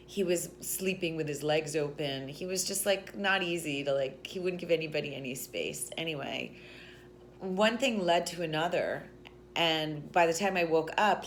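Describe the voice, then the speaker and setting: A woman's voice: deep voice, a bit bright, a little hiss or hum. A woman vlogger telling a story in a casual, rambling way, with lots of restarts and "like"s. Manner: rambling, chatty, with many restarts and "like"s.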